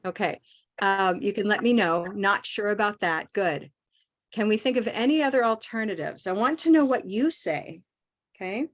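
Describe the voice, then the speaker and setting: A woman teaching an English pronunciation class over a video call, modeling phrases slowly and praising her students. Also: medium pitch, animated. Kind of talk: online class coaching.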